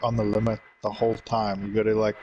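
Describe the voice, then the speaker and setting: A man who grew up in the Middle East, co-hosting a race stream in a relaxed, easygoing way. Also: on the low side, quick pace, lo-fi sound, slight background noise. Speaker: livestream co-host. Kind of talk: casual commentary.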